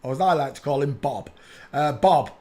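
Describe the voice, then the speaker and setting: A man's voice: mid-range voice, lively intonation, moderate pace, a little mellow. A man giving a casual, mocking rant over pictures as an online commentator, breaking into laughter and chanting phrases over and over.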